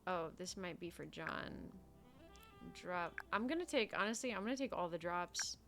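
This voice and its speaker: This young woman's fairly low voice has lively intonation and a normal speed. While streaming a roleplay game, she chats casually, giggles often, and mutters to herself, switching between casual gaming chat and in-character roleplay as faint music plays.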